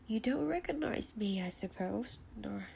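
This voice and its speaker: Subdued timid widow, read by a woman, quiet and whispery, gravelly, stuffy nose, faint hiss. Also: medium pitch, animated, moderate pace.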